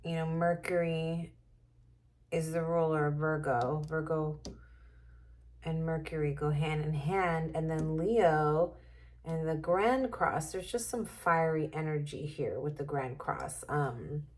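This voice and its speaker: A woman's voice: deep voice, steady tone, slow pace, darkish tone. A woman doing a casual tarot reading to camera, musing and thinking aloud as she turns cards. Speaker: tarot reader.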